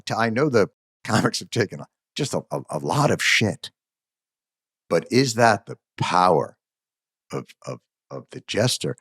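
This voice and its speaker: Sarcastic male host, low and gravelly, dry studio mic, mock-grand comic monologue. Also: dry recording.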